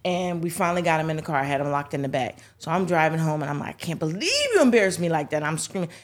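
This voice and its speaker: Rapid-fire and low-voiced, a middle-aged woman appears on a talk show as the host's mother. She animatedly tells funny family stories in a casual way, doing the voices of the people in them.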